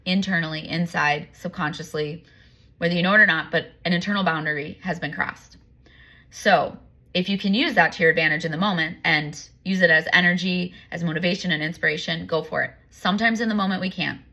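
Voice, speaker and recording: A woman with a lowish pitch and a bright, forceful tone talks straight to the listener. She rambles earnestly through personal stories, long-winded and confessional, in the manner of a coach sharing lessons. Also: fairly quick. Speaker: empowerment coach. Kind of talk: candid personal monologue.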